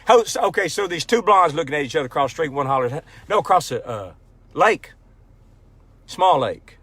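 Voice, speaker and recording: A man's voice: fairly high pitch, lively intonation, normal speed, bright, forceful tone, no room sound. Folksy man chatting on a livestream. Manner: folksy, rambling joke-teller. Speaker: country singer hosting a livestream. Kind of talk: casual livestream chat. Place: pickup truck at a ranch. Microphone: phone livestream.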